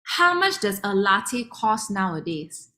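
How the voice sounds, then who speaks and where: A young woman with a Malaysian English accent giving a lively online sales presentation, chatty and quick to laugh, acting out what her customers say. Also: medium pitch. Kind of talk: online product demo presentation.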